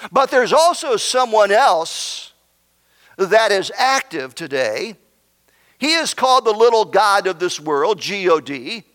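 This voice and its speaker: A man preaching a sermon as pastor, swinging from emphatic near-shouts down to hushed, almost whispered lines. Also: sits high, big-room sound. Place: church sanctuary.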